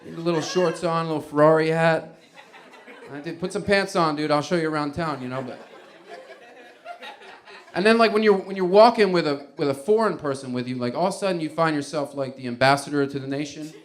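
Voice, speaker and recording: A man doing a stand-up comedy set, telling a rambling, conversational story in an animated way. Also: a little high, brisk, long pauses.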